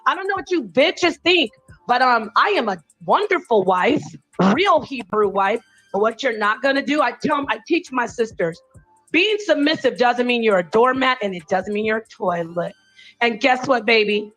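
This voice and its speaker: Woman, high-pitched voice, angry, profane, confrontational live-stream rant. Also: animated, normal speed, a bit bright, soft background music.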